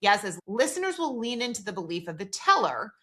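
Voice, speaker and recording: A woman's voice: mid-range voice, very animated, brisk, a bit bright. A woman co-hosting a podcast in casual chat, retelling scenes and reading out dialogue, with lots of "like" fillers. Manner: frequent "like" fillers. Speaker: podcast co-host.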